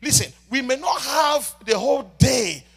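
A man preaching a sermon as a prophet, swinging between loud shouts and soft murmured prayer and repeatedly addressing the congregation. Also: very high voice, lively intonation, a little slow, creaky, slightly rough, soft background music. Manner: repeats "ladies and gentlemen" often.

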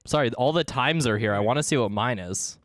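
A man's voice: medium pitch, a little fast. A male streamer chatting casually during a game, joking around with friends. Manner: playful, joking banter. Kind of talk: casual gaming chat.

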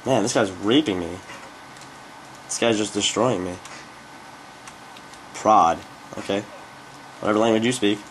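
A man's voice: lowish voice, a little slow, pauses often, a bit bright, a little hiss or hum. A young man giving casual, rambling gameplay commentary, speaking offhand with frequent fillers. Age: young adult. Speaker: gaming commentator.

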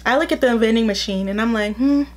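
A woman's voice: a little high, quick pace. A young adult woman telling a casual storytime, chatty and full of "like", acting out the lines she quotes. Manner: chatty, fills speech with "like". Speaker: vlogger.

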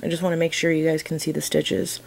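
A woman teaching a crochet tutorial in a casual, chatty way, counting her stitches softly as she works. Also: sits low, level tone, fast, vocal fry, a little hiss or hum, rough recording. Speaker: crochet instructor.

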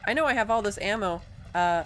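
A woman casually commenting on her own gameplay, chatty and self-deprecating, thinking out loud as she plays. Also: medium pitch, animated, fairly quick, slight background noise. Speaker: let's play host.

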